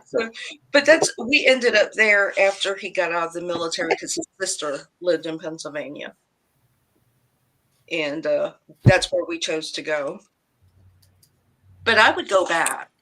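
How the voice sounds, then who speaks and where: Bright-voiced chatty woman. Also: fairly low pitch, normal speed, a little hiss or hum, poor audio. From Hawaii. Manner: chatty storyteller, laughs often. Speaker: livestream co-host. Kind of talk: casual group chat.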